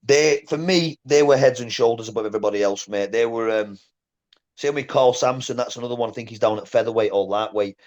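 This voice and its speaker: A man, a former boxer telling stories in a casual interview, blunt and animated, often saying "mate". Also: medium pitch, fairly quick, muffled recording. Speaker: guest, former boxer and coach.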